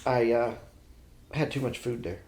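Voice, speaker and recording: A man's voice: medium pitch, a little slow. A man from Indiana who sounds sick, hosting a casual podcast chat and telling stories animatedly with many restarts. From Indiana, USA. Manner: animated storyteller with frequent restarts. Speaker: podcast host.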